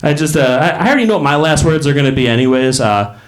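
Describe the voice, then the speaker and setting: Late 30s guy doing stand-up, rambly, pokes fun at himself, voice a bit high. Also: expressive, fast talker. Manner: rambling, self-mocking, acts out voices in bursts. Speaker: stand-up comedian. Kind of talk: stand-up comedy set. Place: comedy club stage.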